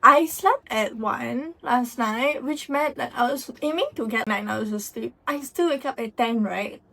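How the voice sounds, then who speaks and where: A young woman with a Malaysian English accent, talking to camera in a chatty, expressive vlog. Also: on the high side, a little slow, vocal fry. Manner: chatty and expressive, swings between mumbled and excited. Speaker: vlogger. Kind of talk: casual vlog talk to camera.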